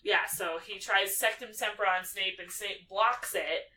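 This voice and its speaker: Recorded at a distance with slight background noise and low quality, a woman with a mid-range voice speaks at a measured pace. As a podcast co-host chatting casually, she recounts a film's story, acting out lines animatedly and saying "like" a lot.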